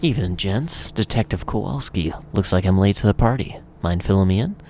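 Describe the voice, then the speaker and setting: A man reading aloud as an eager, slightly awkward young male vampire. The voice is low-pitched and casual. A faint hiss sits under it. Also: expressive, a little fast, a little mellow. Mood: offhand.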